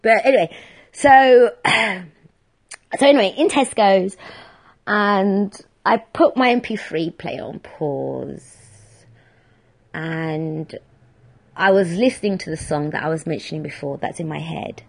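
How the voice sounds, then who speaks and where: A woman's voice: lowish voice, slow pace, gravelly, pauses often. A woman hosting a solo podcast, chatting in a rambling, self-deprecating way. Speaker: podcast host. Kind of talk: casual solo podcast chat.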